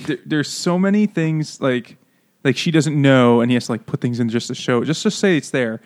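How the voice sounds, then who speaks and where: Guy on a podcast ranting and laughing about a book, normal pitch. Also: darkish tone. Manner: laughing, mocking, does quick silly voices for quotes. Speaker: podcast co-host. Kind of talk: casual chat.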